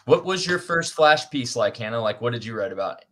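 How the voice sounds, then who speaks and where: A man's voice: mid-range voice, lively intonation, brisk, bright, forceful tone. A man hosting a writers' livestream over a video call, chatty and self-deprecating, joking as he goes. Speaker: livestream host. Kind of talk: casual chat.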